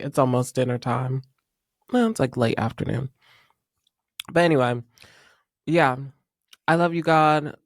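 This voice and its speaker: Slow-talking man podcast host. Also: medium pitch, creaky, no room sound, clean studio sound. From North Carolina. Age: 30s. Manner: chatty, emotional, laughs often. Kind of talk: casual solo podcast chat.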